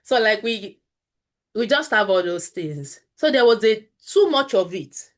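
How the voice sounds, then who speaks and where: A woman's voice: mid-range voice, sing-song, measured pace. A woman in her thirties from Nigeria with a Nigerian accent, a guest telling a personal story candidly and earnestly, with Pidgin phrases mixed in. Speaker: interview guest.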